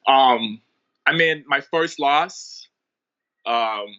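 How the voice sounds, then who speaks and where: A man's voice: mid-range voice, drawn-out words, dull audio. A young man from the Bahamas, a fighter telling stories in a casual interview with lots of ums and likes. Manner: relaxed, rambling, many ums and likes. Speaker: MMA fighter, interview guest.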